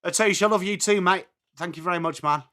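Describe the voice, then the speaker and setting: Bright-voiced English man calling footy live. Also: sits high, fast talker. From England. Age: adult with children. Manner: chatty, switches between calling play and answering viewer comments. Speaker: live stream host. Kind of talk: live watch-along commentary and chat.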